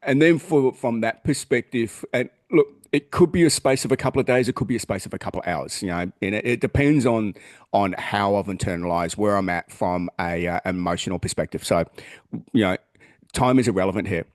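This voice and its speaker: A man's voice: fairly low pitch, fairly quick, dry recording, clean studio sound. An Australian man co-hosting a podcast, talking in a blunt, earnest way and swearing freely. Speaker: podcast co-host. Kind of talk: casual chat.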